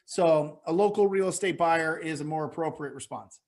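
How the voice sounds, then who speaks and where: A man coaching real estate investors in a webinar Q&A, energetic and motivational, often repeating phrases for emphasis. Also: a little high, moderate pace. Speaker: real estate wholesaling mentor, webinar guest.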